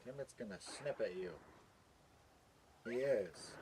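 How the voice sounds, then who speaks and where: A man's voice: fairly low pitch, lively intonation, a little slow, background noise. Man scolding and coaxing his dogs. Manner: scolding and coaxing pets, swearing, baby talk. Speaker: streamer. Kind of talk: casual talk to his dogs while streaming.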